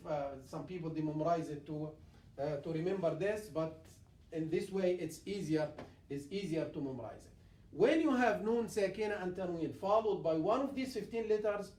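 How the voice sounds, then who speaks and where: High-voiced imam, echoey and distant. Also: male voice, darkish tone. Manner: halting, many fillers, repeats and recites examples. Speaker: imam teaching Quran recitation. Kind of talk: classroom tajweed lesson. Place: mosque classroom. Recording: echoey room, mic far off.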